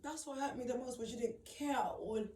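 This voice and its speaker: A young woman, tearful and upset, recounting a painful personal story in a rambling, repetitive way full of emphatic slang. Her voice sits a little high for a woman. It is recorded from some distance in a roomy, echoing space. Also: fairly quick, dark tone. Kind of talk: emotional personal testimony.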